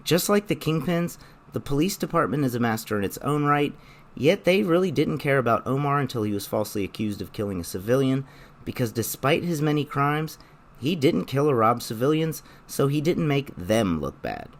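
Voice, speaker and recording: A young man narrating a scripted video essay in a measured, explanatory way. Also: medium pitch, expressive.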